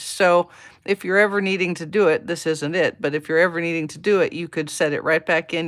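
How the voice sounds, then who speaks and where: A woman demonstrating a card-making project on a live stream, chatting along as she works and greeting viewers by name. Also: fairly low pitch. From United States. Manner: talks to herself while working. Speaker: papercraft demonstrator. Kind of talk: live-stream craft tutorial.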